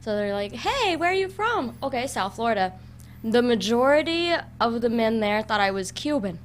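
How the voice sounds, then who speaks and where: A woman guest on an internet radio show, chatting casually and telling stories with quick, dry wisecracks. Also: a little high, sing-song, slight background noise.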